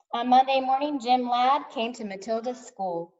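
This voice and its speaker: A woman teacher reading a storybook aloud to kindergartners in an expressive, sing-song way. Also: on the high side, moderate pace. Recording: distant dull lo-fi sound.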